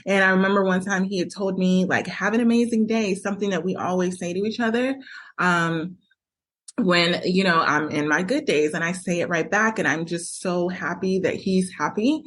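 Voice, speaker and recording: A woman's voice: fairly low pitch, normal speed, a bit bright. A woman hosting a podcast, speaking candidly from her own experience and acting out quoted arguments as she coaches listeners. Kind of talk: personal monologue with advice.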